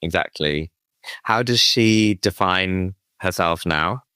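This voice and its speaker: Deep crisp-voiced British interviewer. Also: male voice, slow, sharp tone, dry recording. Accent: British English. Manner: encouraging, brief backchannels. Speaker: podcast host.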